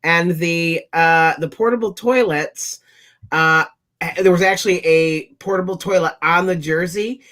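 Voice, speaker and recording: A panelist in a casual panel chat, speaking at an ordinary middle pitch. The delivery is wry and joking, and stories ramble along with small restarts. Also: measured pace, a bit bright.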